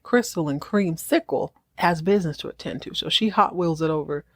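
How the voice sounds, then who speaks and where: Joking woman recapping with a low voice. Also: brisk. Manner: animated, joking storyteller. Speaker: podcast host. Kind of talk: casual show recap.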